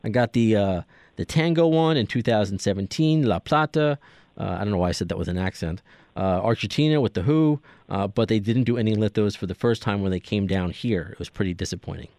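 A man's voice: lowish voice, lively intonation, fast talker, dark tone, no echo. A man hosting a casual podcast interview, asking long, rambling questions with many restarts. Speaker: podcast host.

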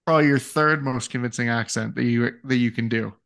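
A man's voice: mid-range voice, steady tone, a little fast, gravelly, a bit bright. A man co-hosting a casual sports podcast, wry and teasing. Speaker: podcast co-host.

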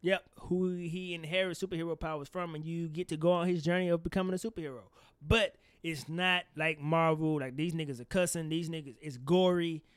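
A man's voice: on the high side, brisk, smooth, no echo. A man co-hosting a casual podcast chat, talking animatedly and swearing freely. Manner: animated, swearing, laughs often. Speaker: podcast co-host.

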